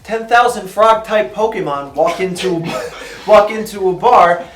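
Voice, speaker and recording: A man in an improv comedy show tells wry bar jokes with punchlines. His voice sits high for a man. The sound is roomy and echoey. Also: measured pace, faint music behind. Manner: wry joke-telling with punchlines. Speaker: improv performer. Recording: echoey room.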